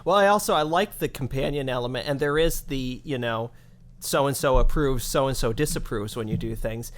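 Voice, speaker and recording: A man co-hosting a gaming podcast in casual chat, relaxed, with chuckles and loose asides. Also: mid-range voice, moderate pace. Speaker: podcast co-host.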